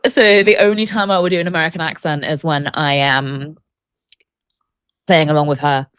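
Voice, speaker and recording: A woman's voice: sits low, steady tone, normal speed, a bit bright, smooth, dry recording. A woman with an English accent, chatting as a podcast guest, talking freely with lots of fillers. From England. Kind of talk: casual chat.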